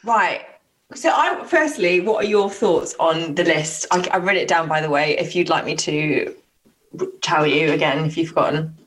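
A woman's voice: low voice, moderate pace, poor audio. A woman co-hosting a podcast, answering back playfully and talking frankly in casual chat. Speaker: podcast co-host.

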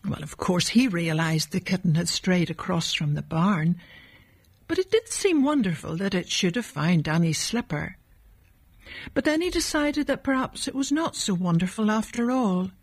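A woman reading a children's Christmas storybook aloud in a calm, measured way. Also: medium pitch, slightly rough, dry recording. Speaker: narrator.

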